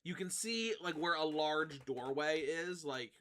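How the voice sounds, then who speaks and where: A man's voice: fairly high pitch, lively intonation, a little slow, pushed and bright. Casual man running a tabletop game. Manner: casual, filler-heavy, teasing. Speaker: game master.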